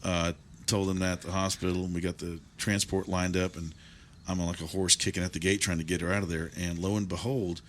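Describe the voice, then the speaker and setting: A man, hosting an interview and telling stories in a lively way, quoting people with animation. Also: deep voice, brisk, slight background noise. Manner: lively storyteller, animated when quoting others. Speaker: interview host. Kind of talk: casual interview chat, telling a story.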